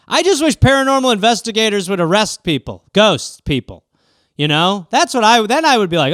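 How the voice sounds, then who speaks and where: A man hosting a comedy podcast, riffing casually in an animated way, swearing and slipping into quick voices. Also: sits high, no room sound, clean studio sound.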